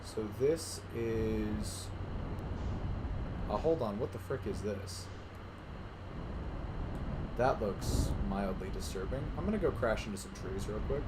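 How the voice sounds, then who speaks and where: A man's voice: on the low side, animated, takes it slowly, pauses often, very noisy. A man giving casual commentary while playing a game, muttering wryly to himself. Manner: muttering, wry, talking to himself. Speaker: gamer.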